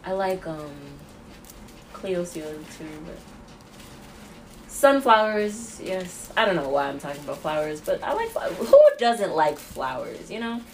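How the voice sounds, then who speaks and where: A woman's voice: fairly low pitch, expressive, a little slow, slight background noise. A young woman and mom rambling in a casual podcast monologue, jittery from too much coffee and laughing often. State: over-caffeinated jitters.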